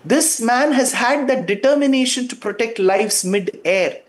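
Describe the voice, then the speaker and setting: A man's voice: very high voice, unhurried. A man, a guest giving fervent, emphatic commentary on a talk show.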